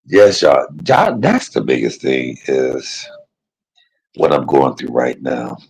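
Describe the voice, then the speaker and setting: A man's voice: extremely low pitch, big pitch swings, slow, vocal fry, darkish tone, husky, low-quality recording. A man livestreaming from a private hospital room, talking in a rambling, heartfelt way and often turning to his viewers directly. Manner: rambling, heartfelt, keeps addressing viewers as y'all. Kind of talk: casual emotional livestream chat.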